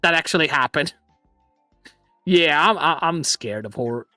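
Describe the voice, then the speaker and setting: A man hosting a casual livestream chat from a home setup on a boom mic, excitable, swearing and laughing often, with an imitation British accent. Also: moderate pace, no echo, studio quality, faint music behind. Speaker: streamer host. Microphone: boom arm microphone.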